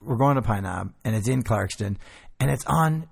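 A man in casual chat, telling profane, animated stories and doing quick voices. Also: mid-range voice, gravelly, breathy edge.

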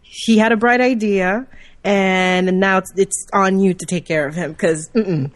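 A woman in casual podcast chat, teasing and quick to laugh. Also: mid-range voice, steady tone, no echo. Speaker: podcast co-host.

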